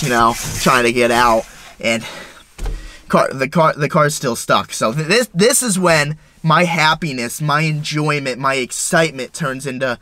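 Bright-voiced young man telling a wild story. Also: medium pitch, no room sound. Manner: excitable, profane, stumbling retelling. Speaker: vlogger. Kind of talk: casual storytelling.

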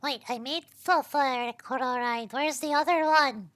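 A woman streamer gives casual commentary in a high, bright voice, talking through her moves as she plays. She swears a lot and keeps throwing in a laid-back "yo". Her delivery is slow and unhurried, and the sound is close and dry. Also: dry recording. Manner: swears freely and ends lines with "yo"; thinks aloud while trying things out.

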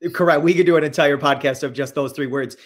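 A man's voice: a little high, quick pace. A man hosting a casual video interview, effusive and eager in his reactions. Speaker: host.

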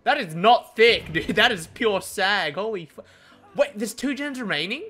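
A young man giving excitable, profanity-laced live commentary on his gameplay. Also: high voice, moderate pace, faint music behind. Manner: excitable, swearing, laughing often. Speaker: gaming streamer.

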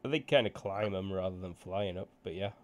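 A man's voice: deep voice, normal speed. A man narrating as game master of a tabletop game, joking and rambling with self-corrections.

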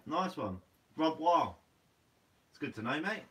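A man's voice: fairly high pitch, very animated, unhurried, distant mic, low-quality recording. A young man from Guernsey with a Guernsey accent, hosting a fishing channel's live Q&A, reading out comments in a laid-back, slightly sleepy way and calling everyone "mate". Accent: Guernsey English.

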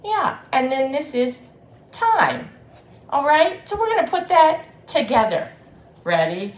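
A woman's voice: high voice, slow pace. Sing-song woman leading storytime. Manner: animated, sing-song, addresses children and grown-ups. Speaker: children's librarian. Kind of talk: children's storytime. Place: library room. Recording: roomy echo.

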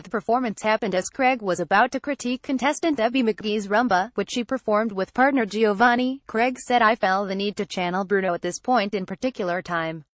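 A woman reading an online news article aloud in an even, uninflected way. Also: mid-range voice, no echo. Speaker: news reader.

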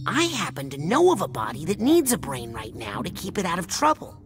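An earnest, curious young boy in a video game. His pitch moves in a lively way as he talks calmly and kindly. Music plays beneath the lines. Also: fairly quick. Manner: earnest, matter-of-fact, kindly. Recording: game audio with music behind.

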